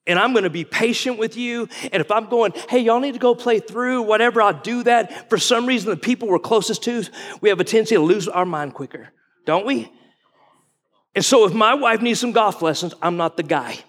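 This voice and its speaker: High-voiced man preaching a sermon. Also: fairly quick, a bit bright. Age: 40s. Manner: folksy, conversational, asks the crowd questions. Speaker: guest pastor. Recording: long reverb of a large hall.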